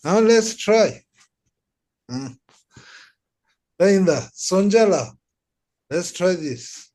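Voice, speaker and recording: A man's voice: sits high, animated, very slow, dark tone. A man teaching pronunciation in an online lesson, patiently repeating syllables for students. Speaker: Tibetan language teacher.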